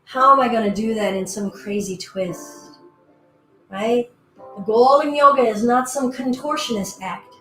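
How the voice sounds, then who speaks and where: A woman teaches a virtual guided yoga class from an indoor room, playful and chatty, giving her breath and body little voices. Her voice is a little high, a little slow and a bit bright, heard in an echoey room with faint music.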